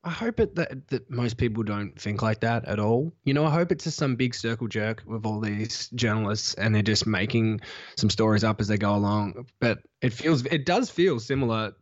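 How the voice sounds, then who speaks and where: A man talks as a guest on a podcast, emphatic and passionate, leaping up in pitch on his strongest points. His voice is slightly muffled and dull, recorded very dry with no room sound. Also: normal speed, dry recording. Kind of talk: casual podcast chat.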